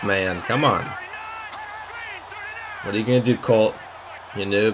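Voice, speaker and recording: A young man giving live, excitable commentary on his own football video game, swearing and shouting at the plays. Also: fairly low pitch, a little slow, long pauses, background noise. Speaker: gaming YouTuber.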